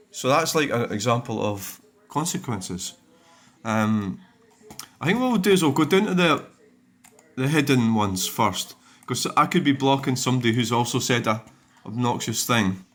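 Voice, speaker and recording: A man's voice: mid-range voice, fairly bright tone. Scottish man, blunt and rambling. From Scotland. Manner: rambling, blunt, swears freely. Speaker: dashcam channel host. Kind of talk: casual vlog talk while reviewing comments.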